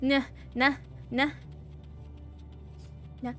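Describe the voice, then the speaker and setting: A woman streamer comments on her game in an emotive, exclamatory way that stumbles and repeats. Her slightly high voice moves slowly. Faint game music runs behind her. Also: level tone. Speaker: gaming streamer. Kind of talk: let's play commentary.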